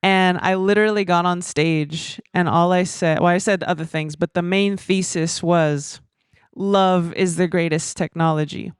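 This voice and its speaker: A woman giving conversational panel remarks at a conference, telling stories in a chatty, animated way with lots of fillers. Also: lowish voice, normal speed, few pauses, clear, resonant tone, dry recording, clean studio sound.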